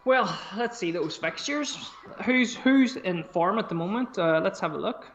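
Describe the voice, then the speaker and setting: A man co-hosting a podcast in casual chat, chatty and animated, swearing freely as he talks. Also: high voice, measured pace, a little hiss or hum. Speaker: podcast co-host.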